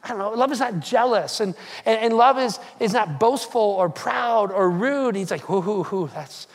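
Role: pastor. Style: sermon. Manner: animated storytelling, acts out quoted lines, jokey asides. Pitch: middle. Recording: long hall reverb in a church sanctuary. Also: moderate pace.

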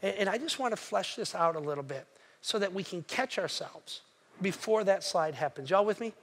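Animated man preaching. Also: sits high, moderate pace, breathy edge. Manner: animated storytelling, rising to near shouting. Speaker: pastor. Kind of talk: sermon.

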